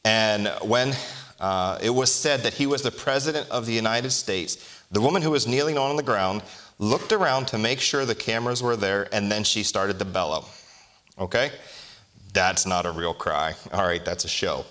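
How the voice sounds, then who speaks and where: A man preaching a sermon as a pastor, reading scripture slowly and deliberately and asking the congregation rhetorical questions in a conversational way. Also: fairly low pitch, a bit bright.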